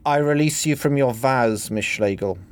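A man doing a gruff, stiff businessman. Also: medium pitch, moderate pace, voice pushed up, lightly acted. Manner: gruff, testy. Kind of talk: satirical reading.

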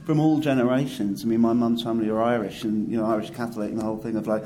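A man's voice: medium pitch, steady tone, racing, background noise. A man chatting as a guest on a panel, thoughtful and enthusiastic. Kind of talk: discussion panel chat.

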